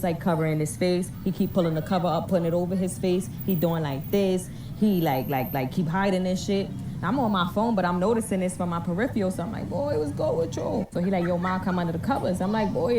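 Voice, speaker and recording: A woman casually telling a story to camera in a profane, slangy, animated way, recorded on a distant phone mic. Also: lowish voice, background noise.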